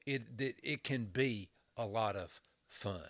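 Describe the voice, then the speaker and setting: A fire chief in his fifties from western North Carolina appears as a podcast guest, chatting in a folksy, joking way with a Southern drawl and often restarting his words. His voice is fairly low and a bit bright, he takes it slowly, and there's no room sound.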